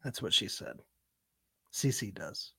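A young man co-hosting a podcast, trading deadpan sarcastic jokes and laughing often. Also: lowish voice, slow, gravelly, breathy edge, no room sound. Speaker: podcast co-host. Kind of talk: casual chat.

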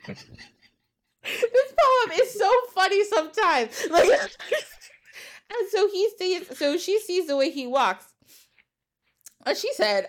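A woman podcast host casually retelling an old epic poem in a lively, laughing way. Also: very high voice, takes it slowly, long pauses. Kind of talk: casual storytelling chat.

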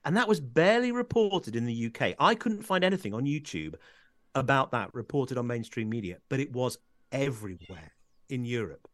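A man's voice: medium pitch, sing-song, normal speed, dry recording. A man hosting a casual political discussion, chatty and opinionated, often restarting his sentences. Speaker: podcast host.

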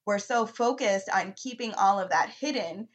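A woman's voice: mid-range voice, moderate pace. A young woman, a mother and counseling student, co-hosting a casual podcast and talking candidly, laughing easily. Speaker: podcast co-host.

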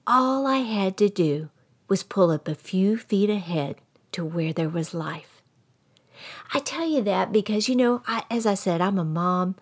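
A middle-aged woman with a Texan accent, a grandmother and podcast host, telling a folksy story straight to her listeners in an animated way. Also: mid-range voice, measured pace, husky. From Texas. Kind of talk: storytelling monologue.

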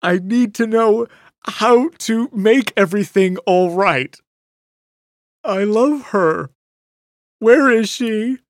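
The narrator voicing a distraught, unstable grown man who wails and pleads in a high, trembling voice. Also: slow, no room sound, clean studio sound, close to an everyday voice. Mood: whimpering.

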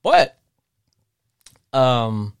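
A middle-aged man from Arkansas hosting a call-in sports podcast, talking in an animated, rambling way with frequent restarts. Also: mid-range voice, drawn-out words, creaky, clean tone, dry recording, clean studio sound.

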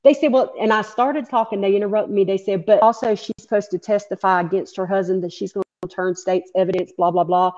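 A woman's voice: medium pitch, fairly even intonation, brisk, few pauses, warm tone. Female interview guest, a victim's mother, blunt and profane, on muffled lo-fi audio. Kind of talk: interview, recounting events.

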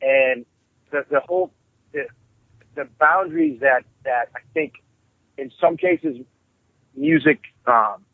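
Man with a husky voice on a tinny phone line. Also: medium pitch, slow pace, pauses often, no echo. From New York. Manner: profane, rambling, animated storyteller. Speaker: guest musician. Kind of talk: casual storytelling interview.

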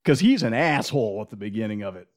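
A man's voice: lowish voice, very animated, fast talker. A man co-hosting a casual podcast chat, retelling movie scenes with quoted lines and laughter. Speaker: podcast co-host.

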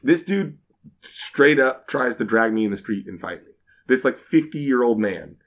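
A man's voice: mid-range voice, animated, unhurried. A man, a bartender guest on a podcast, telling a story in casual chat, acting out quotes and swearing freely.

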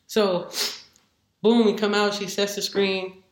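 Speaking at medium pitch and a moderate pace in an echoey room, a female football head coach shares stories as an interview guest. She's animated, voicing other people's words as she recounts them in casual conversation.

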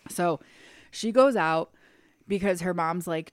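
A woman co-hosting a podcast in casual chat, telling a story with lively energy and acting out quotes in high squeals. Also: slow, pauses often, smooth, no room sound, clean studio sound. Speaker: podcast co-host.

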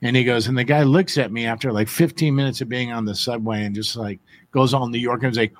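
A man's voice: mid-range voice, steady tone, fast talker. A man hosting a casual live show, teasing his guests and laughing often. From San Diego. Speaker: show host.

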